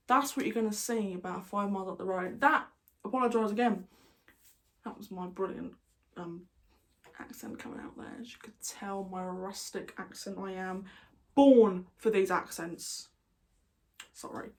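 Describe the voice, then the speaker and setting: A woman's voice: medium pitch, steady tone, normal speed. Casting: chatty British woman vlogger, jokey, wanders off on tangents. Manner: rambling, jokey, goes off on tangents. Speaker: YouTuber. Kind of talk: casual vlog chat.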